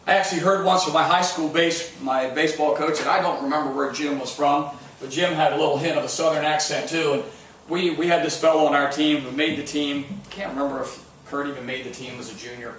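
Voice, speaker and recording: A man's voice: a little high, fairly even intonation, fairly quick, fairly bright tone, a little hiss or hum. Male pastor, conversational storytelling sermon, picked up from afar in a reverberant sanctuary. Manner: storytelling with sports anecdotes, many restarts. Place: church sanctuary. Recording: echoey church hall, mic at a distance.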